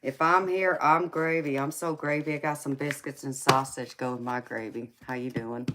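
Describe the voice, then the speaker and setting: Very low-voiced Southern woman. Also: steady tone, moderate pace, fairly bright tone, a little hiss or hum. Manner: folksy, calls listeners baby, sweetheart and honey. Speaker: tarot reader and live-stream host. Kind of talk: casual live-stream chat.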